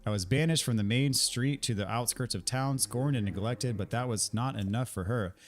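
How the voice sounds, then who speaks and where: A man voicing a scheming, greedy male stone statue who deals in life and power, reading the lines aloud in a smooth bargaining manner. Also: mid-range voice, normal speed, soft background music, close to an everyday voice.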